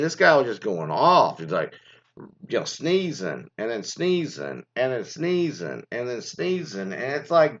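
Reading out news items before ranting about them, a commentary host rambles in a profane, exasperated, casual way. He has a fairly high-pitched, fairly bright voice, and the recording is dull and lo-fi.

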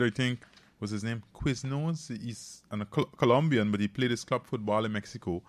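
Man co-host, casual sports chat, stumbles and repeats words, lowish voice. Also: moderate pace, no echo. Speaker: morning show co-host.

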